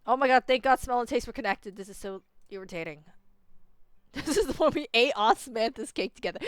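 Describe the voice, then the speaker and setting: This is casual playthrough commentary from a young woman streamer, exasperated and ranting as she plays a story game, her speech full of "like" and fillers. She sounds animated and fairly quick, pitched on the high side, with no echo.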